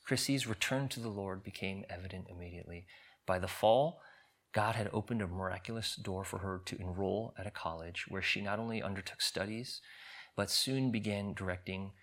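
A male pastor preaching and reading a story aloud with earnest drama, often dropping to a hush. His voice is bright and forceful. It sits fairly low in pitch. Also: moderate pace. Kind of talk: sermon with story read aloud.

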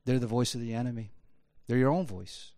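A pastor giving a conversational sermon in an animated, rhetorical way, often tossing in quick asides to the listeners. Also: male voice, medium pitch, dry recording, studio quality.

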